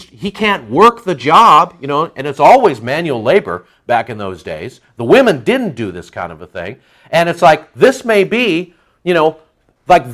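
Guy preaching, fairly high voice, lively and chatty, does little voices for people. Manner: animated, acts out voices of churchgoers, conversational. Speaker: pastor. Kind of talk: expository sermon.

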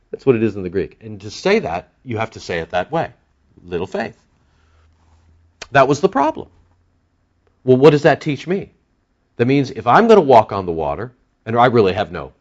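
A man preaching a sermon to his church congregation, surging loud on key words and then dropping low and soft. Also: muffled recording. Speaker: pastor. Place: church sanctuary.

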